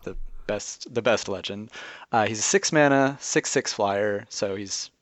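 A man's voice: on the low side, unhurried, noisy background. A man on a podcast panel, explaining a card he likes, with some hesitation and restarts. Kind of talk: casual podcast chat.

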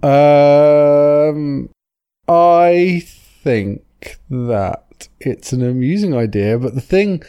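A man's voice: fairly high pitch, extremely slow, warm tone, smooth. A man hosting a podcast in casual chat, jokey and rambling, laughing often. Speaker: podcast host.

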